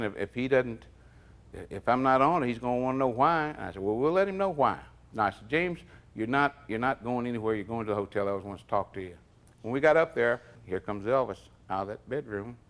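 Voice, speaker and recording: Animated man telling a story. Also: mid-range voice. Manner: animated storyteller, acts out quotes with sudden loud bursts. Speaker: interviewee, former bodyguard. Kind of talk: storytelling anecdote.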